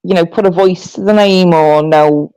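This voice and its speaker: A woman with a Scouse accent hosting a livestream, chatting casually, blunt and sweary with a quick laugh. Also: on the low side, warm tone, clear, resonant tone, dry recording, poor audio. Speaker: livestream host. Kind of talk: casual chat.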